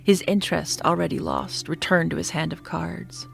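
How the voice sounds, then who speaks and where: A woman narrating a scripted horror story in a steady, descriptive manner, sometimes dropping to a hush. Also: on the low side, moderate pace, vocal fry. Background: faint background music.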